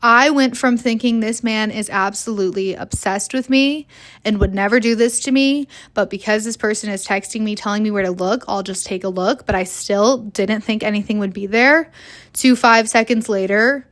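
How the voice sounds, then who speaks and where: A young woman hosting a podcast, telling a personal story in a candid, animated way, swearing freely and acting out what people said. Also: medium pitch, moderate pace. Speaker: podcast host. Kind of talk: casual storytelling monologue.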